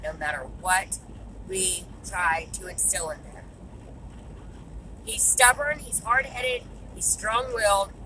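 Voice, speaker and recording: A woman's voice: a little high, background noise. A woman, venting to camera in a blunt, exasperated way and swearing freely. She sounds frustrated. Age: 30s. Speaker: vlogger and mother.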